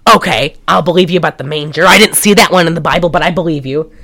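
A woman voicing a frantic man who shouts about idolatry and sounds insane. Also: deep voice, fast talker, dry recording, studio quality.

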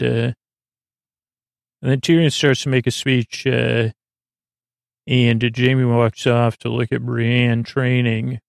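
A man with a gravelly, creaky voice and a flat, even delivery talks through a casual podcast recap. He rambles, restarts and jokes as he goes. The sound is dry and close, with almost no room around it. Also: medium pitch, unhurried, no echo. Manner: rambling, self-interrupting, jokey, thinks aloud while checking the show. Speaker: podcast host recapping a TV episode.

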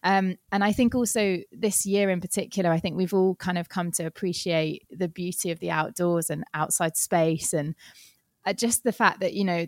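A woman's voice: fairly low pitch, no echo. A woman hosting a podcast in a casual, chatty way, laughing often. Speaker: podcast host. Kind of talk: casual chat.

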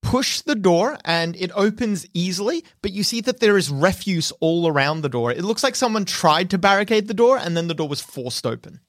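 A game master narrating a tabletop horror game in a measured, descriptive way, slowing down for suspense. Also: mid-range voice, lively intonation, dry recording, studio quality.

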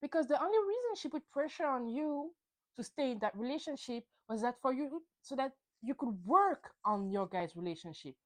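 Animated woman recapping reality TV. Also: moderate pace. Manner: animated, opinionated, acts out quotes with big swings in pitch. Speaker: podcast host.

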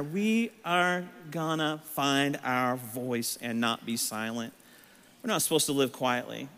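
A man preaching a sermon, his voice scratchy and strained, building to shouted emphasis with rhetorical questions. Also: on the high side. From Texas. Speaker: pastor. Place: church sanctuary. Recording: long hall reverb.

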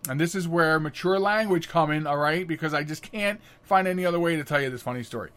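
A middle-aged man hosting a podcast, telling stories casually, chatty and animated, often laughing. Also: on the high side, fast, clear, resonant tone. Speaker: podcast host. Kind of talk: casual storytelling monologue.

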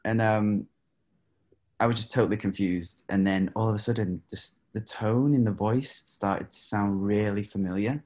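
A man's voice: fairly low pitch, normal speed. A man, a singer, telling stories in a casual interview, full of fillers and laughs. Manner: animated, laughs often, many fillers. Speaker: guest singer.

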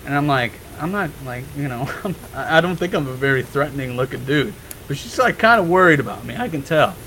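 A young man on a podcast telling a story in a casual, animated way, swearing freely and laughing as he goes. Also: medium pitch, brisk, slight background noise, rough recording. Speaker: podcast guest.

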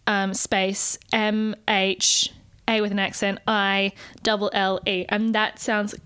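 A woman's voice: medium pitch, little pitch movement, slow pace, a bit bright, clear, resonant tone, no room sound. A woman co-hosting a podcast, telling a story in a chatty way and laughing often. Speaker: podcast co-host. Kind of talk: casual chat.

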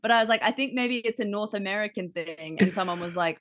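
Aussie woman chatting away, mid-pitched voice, laughing and ranting for fun. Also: little pitch movement, fast talker, a bit bright. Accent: Australian. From Australia. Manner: chatty, laughing, playful rants. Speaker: podcast comedian. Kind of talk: casual chat.

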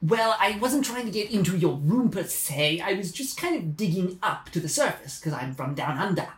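A man's voice: sits high, sing-song, moderate pace, echoey room. A man playing an awkward, apologetic Australian man who has dug up from underground, speaking with an Australian accent, stammering and flustered. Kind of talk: improvised comedy sketch.

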